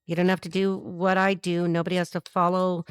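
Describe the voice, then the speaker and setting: A woman talks through a tarot spread in a loose, animated way, hopping between ideas. She is blunt and swears freely, with quick wisecracks. Her voice sounds close and dry. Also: fairly low pitch, clean tone, no room sound. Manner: blunt, profane, wisecracking asides; animated, jumps between thoughts. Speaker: tarot reader. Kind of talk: casual tarot reading.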